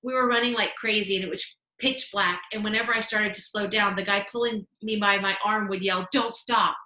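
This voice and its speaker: A woman teacher reading a children's novel aloud in an expressive storytelling manner. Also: medium pitch, a little fast. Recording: roomy echo.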